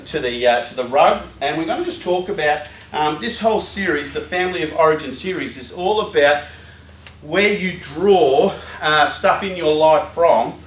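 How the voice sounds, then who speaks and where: A man's voice: a little high, a bit bright, slight background noise. A man giving an informal talk to a youth group, joking and rambling with lots of fillers and asides. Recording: roomy hall, voice far from mic.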